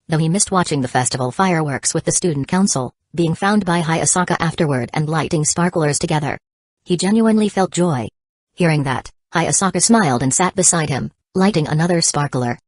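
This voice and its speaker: A woman narrating a novel as an audiobook, in an even, steady reading. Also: deep voice, a little fast, no echo. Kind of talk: scripted narration.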